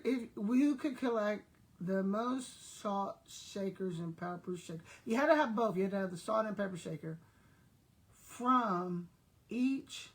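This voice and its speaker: A woman's voice: medium pitch, slightly rough, rough recording. An older woman telling stories to her online viewers in a chatty, laughing way, talking to them directly. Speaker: online seller and vlogger. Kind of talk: casual storytelling to viewers.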